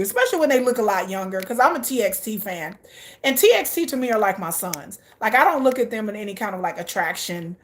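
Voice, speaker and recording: A woman vlogger chatting casually, gushing and laughing often while reacting aloud to viewer comments. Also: medium pitch. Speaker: K-pop vlogger. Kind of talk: casual chat.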